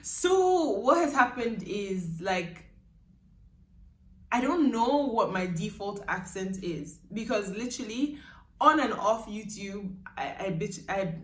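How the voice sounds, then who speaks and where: A woman's voice: mid-range voice, lively intonation, slow pace, a bit bright. A young woman vlogging in casual chat, her accent shifting between Nigerian and British, rambling and laughing often. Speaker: YouTuber. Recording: roomy, mic at a distance.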